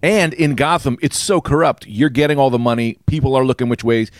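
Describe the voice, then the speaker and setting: A man's voice: mid-range voice, brisk, no room sound, studio quality. A man co-hosting a podcast, joking wryly and swearing in casual comedic chat. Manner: wry, joking, profane. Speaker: podcast co-host.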